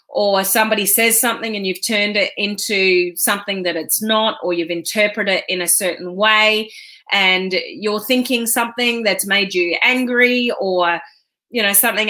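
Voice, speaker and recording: A woman's voice: mid-range voice, pushed and bright. A woman business coach hosting a casual live stream, talking in a chatty, rambling way with frequent ums.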